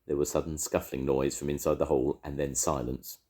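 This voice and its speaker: An older man reading a children's story aloud in an expressive, lilting way. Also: rumbling low, fairly quick.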